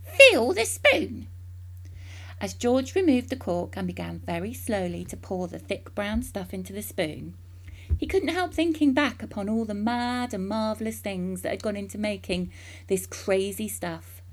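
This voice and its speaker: A woman reading a children's book aloud, with expressive, lively storytelling. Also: medium pitch, normal speed.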